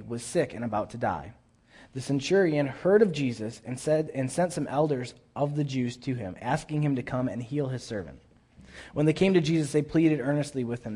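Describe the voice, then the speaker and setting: A man's voice: medium pitch, normal speed, dark tone, breathy edge. A man preaching a sermon in an earnest, conversational way, often repeating himself as he reads scripture aloud.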